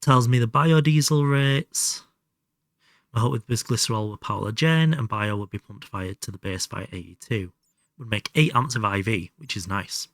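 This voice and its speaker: A man's voice: lowish voice, moderate pace, dry recording. Dry-voiced man streaming a game. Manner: chatty, self-mocking, swears casually. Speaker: livestreamer. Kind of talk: casual live gameplay commentary.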